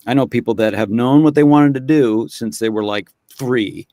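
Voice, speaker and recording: A man's voice: medium pitch, normal speed, warm tone, no echo. Thoughtful man, dry close sound. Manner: thoughtful, restarts phrases while reflecting. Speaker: guest voice actor. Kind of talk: casual chat.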